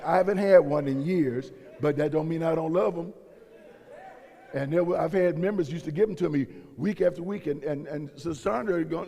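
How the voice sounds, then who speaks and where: Gravelly-voiced preacher man in echoing hall. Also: fairly high pitch, warm tone. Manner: preaching with rising intensity and quoted voices. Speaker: pastor. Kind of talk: sermon. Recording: long reverb of a large hall.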